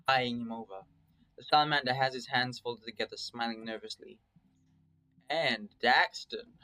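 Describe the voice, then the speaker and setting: Reading a visual novel in first person, a story reader with a mid-pitched, sharp-toned voice stays casual and swears freely. He breaks off to discuss his choices, and the recording is low quality.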